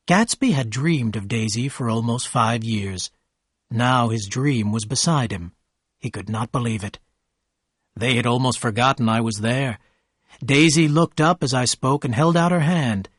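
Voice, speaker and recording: Man reading a story slowly and clearly. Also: mid-range voice, no room sound, studio quality. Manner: clear, slow, measured reading. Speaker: story narrator. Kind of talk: slow scripted narration for learners.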